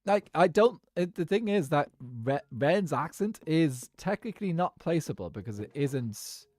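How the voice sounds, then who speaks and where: A man's voice: fairly high pitch, lively intonation, normal speed, darkish tone, no echo, studio quality. An Irish man streaming a game, chatting casually and thinking aloud to his viewers in a rambling way. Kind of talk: casual live-stream chat while gaming.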